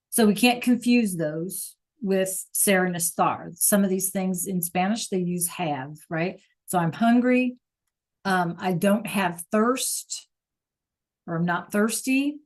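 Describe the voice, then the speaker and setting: Unhurried chatty woman teacher. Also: mid-range voice. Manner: casual, chatty, explains with fillers. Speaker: Spanish teacher. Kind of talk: online class lesson.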